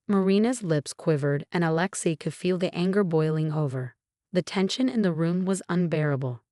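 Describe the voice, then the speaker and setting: Female narrator, low voice, dry close mic, steady scripted read. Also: moderate pace, no room sound.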